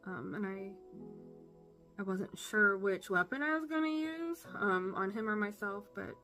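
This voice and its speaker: A woman giving an earnest personal faith testimony, halting with fillers and emotional. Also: mid-range voice, animated, pushed and bright, faint music behind. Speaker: testimony speaker.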